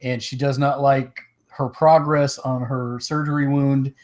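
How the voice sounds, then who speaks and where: On a gaming podcast, this co-host talks in a relaxed, loose way, hiccuping and laughing readily. His medium-pitched voice is a bit mellow, with a flat delivery and an unhurried pace.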